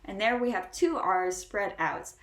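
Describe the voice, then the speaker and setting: An American woman with a General American accent, teaching English pronunciation and stretching out each example word slowly between brisk explanations. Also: mid-range voice, lively intonation, a bit bright, echoey room. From United States. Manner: slow, drawn-out model words between brisk explanations. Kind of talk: pronunciation lesson.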